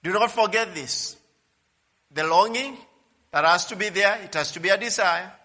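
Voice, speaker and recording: A male pastor preaching a sermon emphatically, swinging from quiet asides to loud, repeated declarations. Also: high-pitched, moderate pace, long reverb tail.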